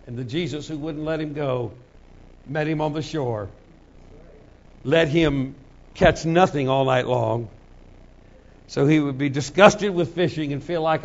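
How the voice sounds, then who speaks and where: Dramatic preacher with a high male voice. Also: measured pace, pauses often, lo-fi sound. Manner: dramatic, swings from hushed to shouting. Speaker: pastor. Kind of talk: sermon.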